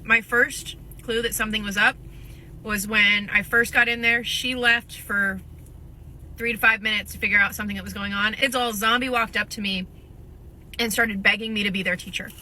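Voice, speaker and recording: Woman, substitute teacher, chatty and earnest, very bright tone, faint background noise. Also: medium pitch, steady tone, moderate pace. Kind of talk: casual vlog monologue.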